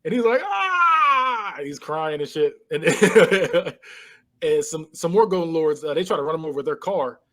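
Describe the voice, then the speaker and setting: A man co-hosting a podcast, casually retelling a movie scene by scene and acting out the characters' lines with lively voice changes. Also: fairly high pitch, normal speed. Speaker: podcast co-host. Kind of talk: casual movie recap chat.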